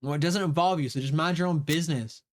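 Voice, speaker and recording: A man's voice: fairly high pitch, fast talker, close to an everyday voice. A man voicing a rude, dismissive young man with curt, contemptuous lines.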